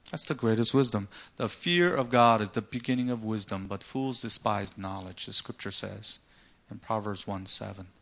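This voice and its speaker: A man's voice: lowish voice, normal speed, vocal fry, fairly bright tone. A man preaching a sermon, asking rhetorical questions and retelling scripture stories dramatically. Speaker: pastor.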